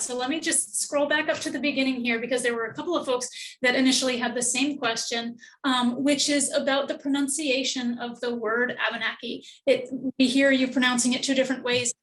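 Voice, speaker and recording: A woman's voice: high-pitched, steady tone, a little fast, fairly bright tone, rough recording. A woman moderating a webinar, reading out audience questions in a friendly, orderly way over a video call.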